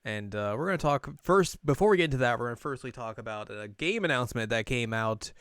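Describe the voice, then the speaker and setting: A man hosting a relaxed podcast about games and anime, chatty and quick to laugh. His voice is smooth and resonant, recorded close and dry with no room sound. He tends to rush ahead when he gets excited. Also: mid-range voice, no room sound. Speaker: podcast host. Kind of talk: casual podcast chat.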